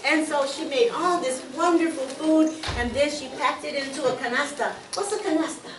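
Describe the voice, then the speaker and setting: Animated woman storyteller for a children's audience, high voice, echoey room, mic far off. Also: moderate pace, noisy background. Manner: animated, asks the audience to call out answers. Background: audience of children responding.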